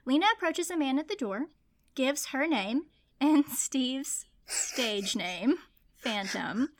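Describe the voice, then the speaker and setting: A woman co-hosting a book podcast from home, chatting quickly and giggling often. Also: sits high. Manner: talks fast, animated and giggly. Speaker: podcast co-host. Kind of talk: casual chat.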